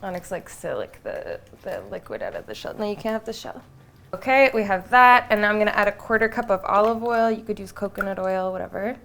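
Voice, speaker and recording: A woman's voice: medium pitch, lively intonation, a little fast, vocal fry, a bit bright, a little hiss or hum. A young woman in casual vlog chat, talking through a baking recipe in her home kitchen and chatting to her dog along the way. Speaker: vlogger.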